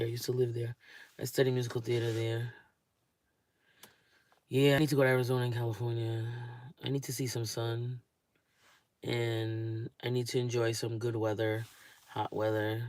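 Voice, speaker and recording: A man's voice: medium pitch, flat delivery, moderate pace, pauses often, darkish tone. A young adult man chatting casually to camera, rambling and thinking aloud as he lists things. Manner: rambling, thinking aloud while listing places. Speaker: vlogger. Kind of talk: casual vlog chat.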